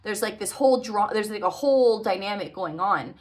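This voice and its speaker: A woman's voice: medium pitch, animated, fairly quick. Woman telling a dream story on camera, casual and earnest, lots of "like" and restarts. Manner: earnest, rambling, self-correcting with frequent "like" and "uh". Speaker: vlogger recounting a dream.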